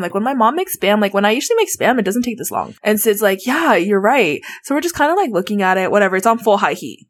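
A woman guest telling childhood stories in a casual, animated, giggly way, full of "like" fillers. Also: medium pitch. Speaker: interview guest. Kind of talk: casual storytelling.

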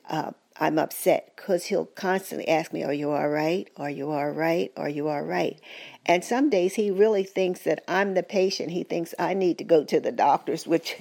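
An older woman giving earnest, gentle, faith-filled advice as the caregiver of her husband, in a personal testimony. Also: lowish voice, creaky.

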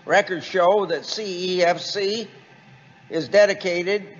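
A slow, deliberate man delivers a formal speech in a large chamber. His fairly high voice carries a long reverb, and the recording sounds dull and lo-fi. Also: steady tone. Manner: slow, deliberate, reading quotes aloud. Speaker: senator giving a speech.

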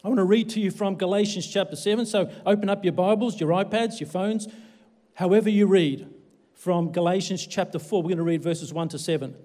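A man's voice: high voice, steady tone, a little fast, mellow, big-room sound. An Australian man preaching a livestreamed sermon as a pastor, with a jokey, self-deprecating manner.

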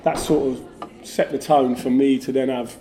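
A middle-aged man, a former footballer, telling stories in a casual, animated way with lots of fillers. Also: medium pitch, moderate pace. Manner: animated, lively storyteller, many fillers like "like". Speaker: former footballer, podcast guest. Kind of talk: casual anecdotal storytelling.

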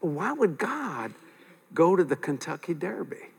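An older man delivers a sermon in a slightly high voice, spinning lively stories with chuckles and driving his main points home by repeating them. His voice carries a long reverb, as if he is recorded in a large church hall. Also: a little slow, creaky, slightly rough. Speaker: preacher.

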